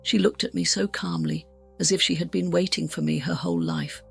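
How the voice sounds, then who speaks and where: In an interview with soft background music, a woman gives a candid near-death testimony, frank, blunt and self-mocking, voicing her past self with urgency. Her voice is on the low side, steady and brisk, with vocal fry and slight roughness.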